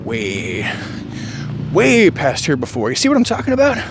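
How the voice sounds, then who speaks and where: With a very high voice and big pitch swings, a male vlogger huffs through a rambling monologue while running on a rainy trail. He muses and jokes, heaving drawn-out sighs, over a faint hiss of rain.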